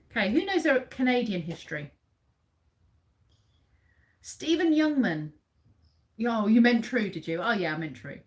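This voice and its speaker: A woman's voice: medium pitch, sing-song, measured pace, long pauses. Chatty British woman hosting a live quiz. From England. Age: 40s. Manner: chatty, reads out facts and answers viewers by name. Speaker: livestream host. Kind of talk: casual live quiz chat. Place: dim room at home.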